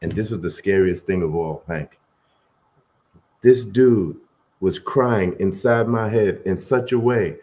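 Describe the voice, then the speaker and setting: A man co-hosting, telling a personal story in an earnest, slow and heartfelt way. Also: sits low, a little mellow.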